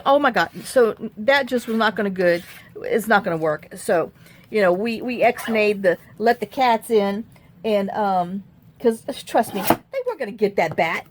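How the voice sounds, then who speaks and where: A woman telling a story in a casual vlog, animated and acting out the quotes. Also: mid-range voice, moderate pace, no room sound. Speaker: crafting vlogger.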